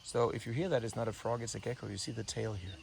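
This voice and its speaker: A man giving unscripted, hushed commentary as he films wildlife outdoors on a morning walk, talking to himself with restarts. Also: lowish voice, fairly even intonation, fast talker, creaky. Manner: hushed, wondering, thinking aloud with restarts. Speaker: breathing coach filming wildlife. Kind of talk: unscripted nature commentary while filming. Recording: outdoor insect and bird noise. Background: insects and birds.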